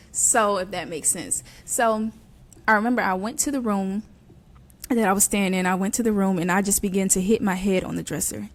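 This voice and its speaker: Earnest young woman sharing her testimony. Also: medium pitch. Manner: earnest and conversational, many fillers. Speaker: podcast host. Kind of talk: personal faith testimony.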